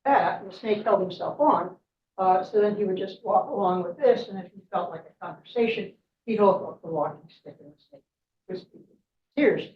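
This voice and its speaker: At a club meeting, a female guest speaker chats her way through a myth at normal speed, laughing a lot and asking "right?" along the way. Her mid-range voice is animated. The room echoes, the mic sits far off, the sound is dull, and there's slight background noise.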